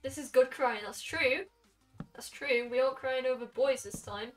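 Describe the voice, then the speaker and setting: A late-teen woman with a Welsh accent, chatting casually with her stream chat. Her voice sits a bit high, and she fires off quick asides. She sounds a little far from the mic, with faint music underneath. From Wales. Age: late teens. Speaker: game streamer. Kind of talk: casual live-stream chat while gaming.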